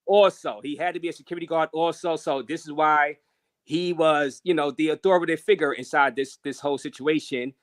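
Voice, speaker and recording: A man's voice: fairly high pitch, steady tone, a little fast, no echo, clean studio sound. A man hosting a casual livestream interview, talking loosely to his chat and using many fillers. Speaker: livestream host.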